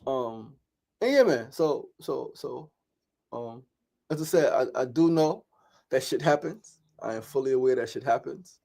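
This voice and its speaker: A man's voice: mid-range voice, lively intonation, measured pace, vocal fry, warm tone. A middle-aged man hosting a daily talk show, speaking casually and openly, swearing often, repeating phrases and checking in with "right?".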